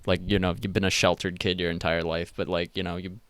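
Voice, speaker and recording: A young man appearing as a podcast guest, talking in a halting way full of fillers and casual swearing. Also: low-pitched, little pitch movement, fairly bright tone, clean tone, no echo. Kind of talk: casual chat.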